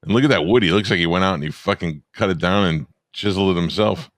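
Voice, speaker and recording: A man's voice: deep voice, fast talker, no room sound, studio quality. A man who hosts a radio show, chatting casually on a podcast and telling long, profane, rambling stories.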